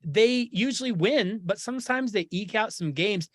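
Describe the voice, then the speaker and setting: A man hosting a sports talk show, talking in an animated, opinionated and jokey way. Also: sits high, normal speed, no room sound, studio quality. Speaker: podcast host.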